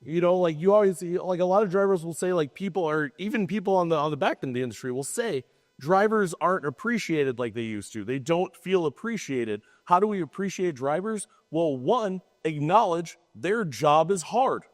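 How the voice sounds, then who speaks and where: A man with a fairly high voice co-hosts a podcast in loose conversation. He rambles and interrupts himself, then lands his points with emphasis. A long reverb trails after his voice. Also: lively intonation, a little fast. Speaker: podcast co-host. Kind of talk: casual chat.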